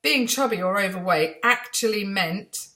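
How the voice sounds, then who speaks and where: Speaking at normal speed in a bright, forceful mid-range voice with lively intonation, this woman from England shares casual stories to camera. She's middle-aged, filming in a room at home, poking fun at herself and imitating people she encountered.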